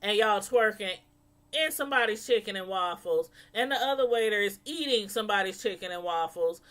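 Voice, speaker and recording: A woman casually reviewing a reality show episode, gossiping in an animated way. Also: medium pitch, fairly quick. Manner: animated, gossipy, laughing asides.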